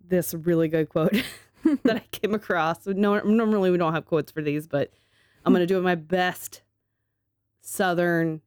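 Low-voiced woman, laughing, swearing co-host. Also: a little slow, darkish tone, clean tone, dry recording, clean studio sound. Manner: laughs often, swears casually. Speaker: podcast co-host. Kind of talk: casual chat.

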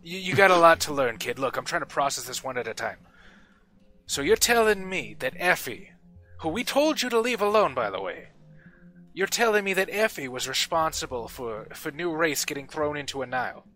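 A man's voice: a little high, big pitch swings, normal speed, pushed and bright, faint music behind, pitched above the performer's own voice. A man voicing a blunt, folksy old smith. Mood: gruff, insistent. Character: rough-spoken grizzled male smith, blunt and wary.

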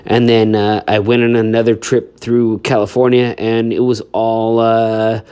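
Excitable low-voiced podcast host. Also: male voice, smooth. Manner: fast, excitable, sweary, many fillers. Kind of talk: casual podcast intro.

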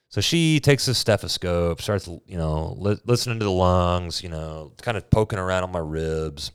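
A man in his twenties with a deep voice, casually telling a personal story and playing out each bit of dialogue with energy. The recording is dry, with no room sound. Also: moderate pace, hardly any pauses, clear, resonant tone, no echo. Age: 20s. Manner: animated, acts out quoted dialogue.

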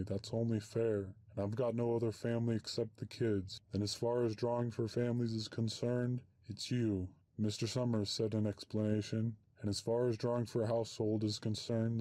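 A man's voice: lowish voice, dark tone, no room sound. A man reading a short story aloud, voicing every character in the same plain way. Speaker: narrator.

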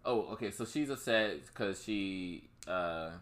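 Bright-voiced man rambling casually. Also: on the low side, slow pace. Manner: rambling, profane, lots of fillers and restarts. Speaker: podcast co-host. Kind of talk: casual chat recapping a movie.

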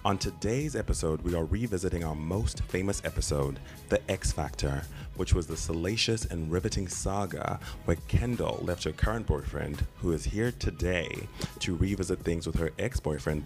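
A man co-hosting a podcast, reading the episode introduction in a smooth announcing way. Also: sits low, normal speed, a little mellow, soft background music. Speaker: podcast co-host. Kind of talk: scripted show intro.

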